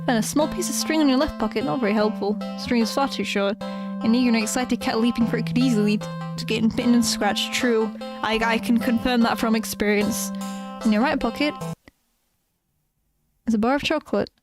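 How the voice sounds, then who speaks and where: A woman's voice: fairly high pitch, a little fast, music in the background. A woman streaming a game, reading its narration aloud with laughs and stammered asides. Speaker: gaming streamer.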